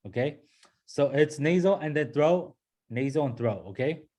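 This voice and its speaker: A man's voice: a little high, lively intonation, normal speed, dark tone. A man teaching a pronunciation lesson to a class. He patiently repeats sounds and keeps checking in with "okay?" and "right?". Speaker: language teacher.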